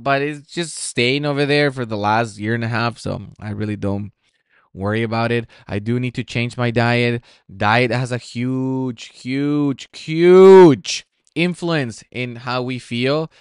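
A man's voice: medium pitch, smooth, dry recording, studio quality. A man hosting a solo podcast, talking reflectively and asking his listeners many questions. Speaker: podcast host.

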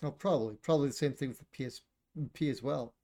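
A man's voice: medium pitch, quick pace, dark tone. A man co-hosting a casual chat about video games, blunt and opinionated, swearing and laughing often.

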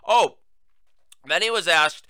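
A man's voice: high voice, slow, bright, forceful tone, clear, resonant tone, no echo, clean studio sound. A male talk show host giving political commentary in a sarcastic, emphatic, mocking way.

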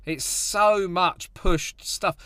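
A man co-hosting a casual podcast, easygoing and quick to laugh. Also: high voice, pushed and bright, clear, resonant tone, no echo, clean studio sound. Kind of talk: casual chat.

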